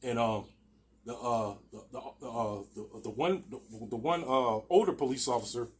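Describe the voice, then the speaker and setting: A man's voice: medium pitch, moderate pace, a little hiss or hum. A man casually telling a rambling, profane personal story, full of restarts and repeated words.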